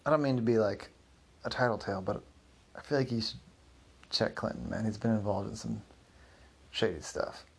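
A man's voice: on the low side, normal speed, vocal fry, long pauses, slightly rough. A man doing a slangy, shifty guy. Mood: sly. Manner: hesitant, slangy.

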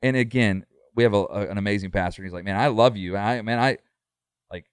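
A man's voice: on the low side, fast, clear, resonant tone, no echo, clean studio sound. A middle-aged man, a pastor, talking earnestly in a casual podcast conversation, full of fillers and restarts.

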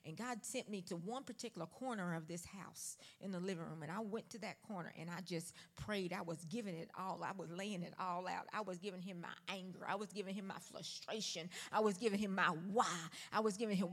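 A woman's voice: mid-range voice, brisk. A woman preaching a live sermon in a church, speaking with a fervent preaching cadence and repeated emphatic phrases. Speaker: church first lady preaching. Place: church worship center.

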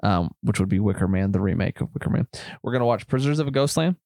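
A man with a Southern US country accent chats loosely about films on his podcast, tossing in "bro" and "man". His voice sits somewhat low. The sound is dry and close. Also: expressive, quick pace, creaky, darkish tone, no room sound. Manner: laid-back, rambling, says bro and man. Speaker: podcast co-host. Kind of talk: casual chat.

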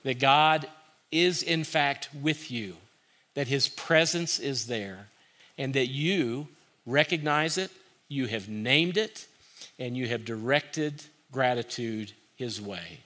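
A man delivers a sermon with a bright, forceful tone and a voice pitched in the middle range. He preaches earnestly but conversationally, leaning on repeated phrases to drive each point home. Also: takes it slowly. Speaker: pastor.

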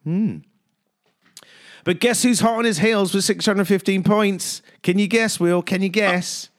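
Upbeat man hosting a sports chat. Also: measured pace. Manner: jokey, upbeat, lively swings in pitch. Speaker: host. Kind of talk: casual radio sports chat.

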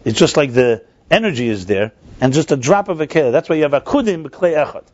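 A man's voice: a little high, expressive, fast talker, a little mellow. A man teaching a text-study class, thinking aloud with frequent restarts and answering his own questions. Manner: explanatory, asks and answers himself. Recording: dull lo-fi recording.

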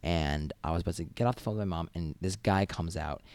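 A man's voice: deep voice, fast talker, a little mellow, clear, resonant tone, no room sound, clean studio sound. A young man from Massachusetts, a college student telling casual stories in a rambling, chatty way. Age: young adult. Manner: rambling, chatty, many fillers and restarts. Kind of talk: casual storytelling vlog.

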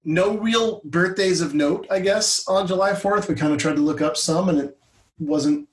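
A man's voice: sits high, normal speed, far from the mic. A man in his thirties co-hosting a podcast, talking casually and rambling with many fillers. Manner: rambling, chatty, hesitant with fillers. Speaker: podcast co-host. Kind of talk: casual chat. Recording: echoey room, a bit off-mic.

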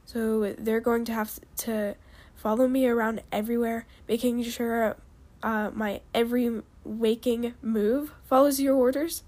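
A woman's voice: on the high side, fairly even intonation, unhurried, darkish tone. Woman reading a weary male dragon. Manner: sighing, exasperated.

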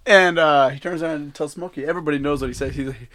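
A young man in casual chat, animated, acting out quotes and swearing freely. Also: fairly high pitch, racing, few pauses, a little hiss or hum.

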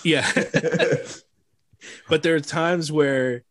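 This podcast co-host has a higher-leaning male voice with a steady tone, speaking extremely slowly in an echo-free recording. He keeps the chat casual, breaking into laughter frequently and circling back to restart his rambles.

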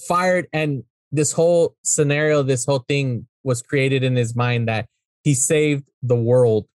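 A man's voice: medium pitch, a little slow, no room sound. A man co-hosting a casual movie discussion, rambling and swearing freely while he acts out characters' lines.

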